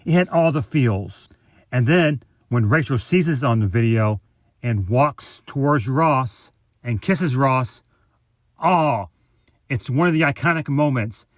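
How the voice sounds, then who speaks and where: A man's voice: mid-range voice, expressive, unhurried, no room sound. A man sending in a recorded message to a podcast, reading his comments in an earnest, enthusiastic way. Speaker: listener sending in a clip. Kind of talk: read-out listener message.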